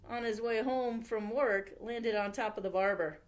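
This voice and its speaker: A woman, a youth services librarian, reading a picture book aloud at storytime with expressive delivery. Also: mid-range voice, normal speed, few pauses.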